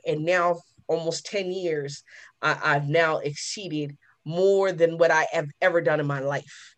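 A woman's voice: sits low, a little slow. A woman recounting her past in an interview, telling it with emphasis and acting out both sides of the dialogue. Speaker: guest. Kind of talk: personal testimony in an interview.

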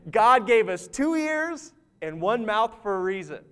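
A man's voice: sits high, sing-song, slow, fairly bright tone, clean tone. A man, a pastor, preaching a conversational sermon in a church, joking at his own expense and laughing easily. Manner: conversational, self-deprecating, laughs often.

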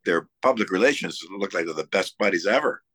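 In a casual interview, a musician from the Buffalo area in the United States eagerly tells stories, stumbling through many fillers and restarts. His voice sits low and fairly bright, animated and brisk, with no echo.

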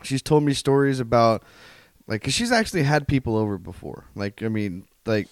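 A man's voice: medium pitch, lively intonation, moderate pace, no echo, studio quality. Laid-back, rambling man on a podcast. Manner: laid-back, rambling, full of fillers like "like" and "you know". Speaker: podcast guest, comedian. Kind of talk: casual comedy podcast chat. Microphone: dynamic studio microphone.

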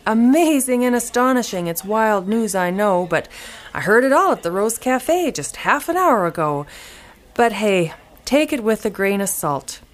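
A woman's voice: medium pitch, big pitch swings, a little slow. A woman from Alberta, reciting rhyming cowboy poetry in a folksy drawl. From Alberta, Canada. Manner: folksy drawl, dropping g's, voicing characters. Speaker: cowboy poet.

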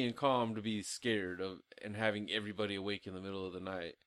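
A man's voice: fairly low pitch, fairly even intonation, fast talker, a bit bright, dry recording, studio quality. A young man co-hosting a casual movie review podcast, talking crudely and profanely and laughing often. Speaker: podcast co-host.

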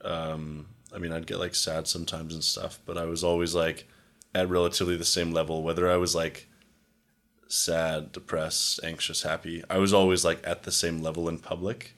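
A man's voice: low voice, level tone, moderate pace, fairly bright tone. A young man talking casually and at length about feelings, rambling and filling his talk with "like". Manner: rambling, heavy use of "like", acts out quoted exchanges. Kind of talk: casual chat.

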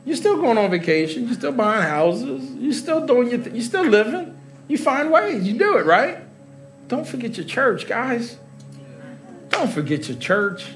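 A man's voice: very high-pitched, sing-song, unhurried, fairly bright tone, faint music behind. A middle-aged man preaching live as pastor in a large church hall, joking with the congregation and laughing. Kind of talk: sermon.

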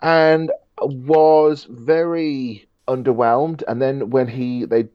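A man co-hosting a podcast in casual chat, animated and acting out his own reactions. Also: mid-range voice, slow pace, clear, resonant tone, dry recording, dull audio. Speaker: podcast co-host.

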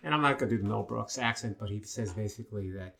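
An older man from Long Island, New York, telling stories in a casual chat, animated and full of fillers. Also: lowish voice, quick pace, vocal fry. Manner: animated storyteller with many fillers.

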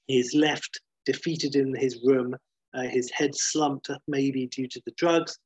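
A man retelling a story at length in a casual, lively way, swearing now and then and acting out the characters' lines. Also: medium pitch, measured pace, slightly rough, dry recording. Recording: dull muffled lo-fi sound.

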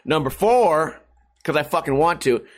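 A man's voice: fairly high pitch, animated, normal speed. A man, rambling and joking profanely as a streamer talking to his webcam at home. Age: 30s. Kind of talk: casual rambling vlog. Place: hot house. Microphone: webcam setup at home.

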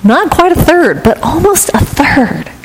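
Woman pastor, slightly high voice, measured and earnest sermon delivery, long church reverb. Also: sing-song, slight background noise. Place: church sanctuary.

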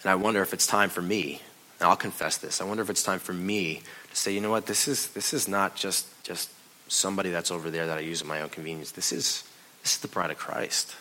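A man giving a conversational, confessional sermon as a pastor, dropping to a hush and rising loud while telling a story. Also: low voice, fairly even intonation, fast talker, rough recording.

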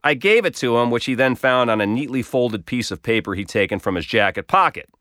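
A man tells a personal story with wry, self-deprecating humor, his pitch rising and falling freely as he goes. The recording is dry and close, with no room echo around him. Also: animated, a little fast, fairly bright tone. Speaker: blog storyteller.

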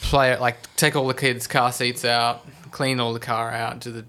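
A man's voice: mid-range voice, little pitch movement, moderate pace, sharp tone. A man, co-hosting a podcast in casual chat and rambling through a story with many restarts. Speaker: podcast co-host.

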